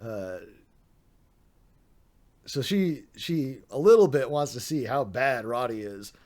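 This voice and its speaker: A man's voice: medium pitch, animated, slow, darkish tone. A man streaming late at night, reading out online drama with tired, sardonic commentary, swearing and laughing. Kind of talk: casual live-stream commentary.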